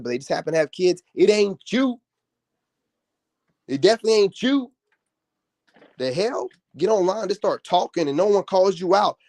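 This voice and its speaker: A man's voice: sits high, a little mellow. A man ranting on a livestream, confrontational and scolding, heavy on slang. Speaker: social media commentator.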